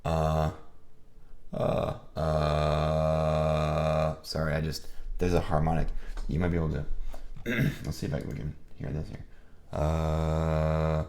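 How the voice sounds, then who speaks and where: A man's voice: very deep voice, monotone, slow pace, vocal fry, a little mellow. A sick man casually thinking aloud on a live stream about his music, rambling and self-deprecating. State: sick, with a rough voice.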